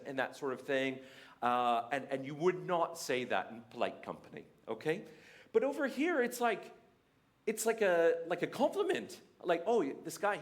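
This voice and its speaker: A young Canadian man with a Canadian accent, giving a humorous, animated talk at a church faith day. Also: on the high side. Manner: animated, jokey, mimics other voices. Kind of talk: sermon-style talk with humour.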